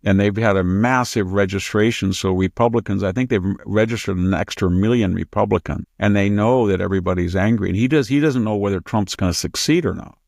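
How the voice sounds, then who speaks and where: Low gravelly man lecturing on politics. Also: brisk, hardly any pauses, darkish tone, dry recording, clean studio sound. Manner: emphatic, lecturing. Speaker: host. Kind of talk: political commentary chat.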